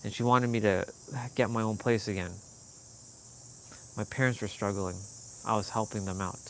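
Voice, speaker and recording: A man's voice: lowish voice, steady tone, moderate pace, a little hiss or hum. Candid man telling a heated personal story. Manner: candid, swearing, quoting others in heated bursts. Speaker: fitness vlogger.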